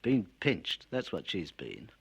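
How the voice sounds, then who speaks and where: A man's voice: sits low, huge pitch swings, slow, creaky, breathy edge, full character voice. A man voicing Fred, a grieving rustic showman with plain country speech, on an old spoken-word record. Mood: mournful.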